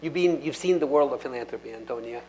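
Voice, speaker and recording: Measured man moderating a panel. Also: mid-range voice, a little mellow, a little hiss or hum, poor audio. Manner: measured, reflective, with hesitant fillers. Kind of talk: moderating a university panel discussion.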